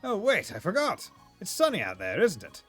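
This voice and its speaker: Male streamer doing an eccentric old tycoon, high and theatrical, forgetful. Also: wildly swooping pitch, moderate pace, fairly bright tone, husky, soft background music, full character voice.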